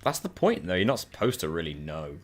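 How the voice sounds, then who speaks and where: Man, deep low voice, casual gameplay chat, animated storyteller, laughs a lot. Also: fairly quick. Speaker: co-op gaming channel host. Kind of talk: casual chat while playing a co-op game.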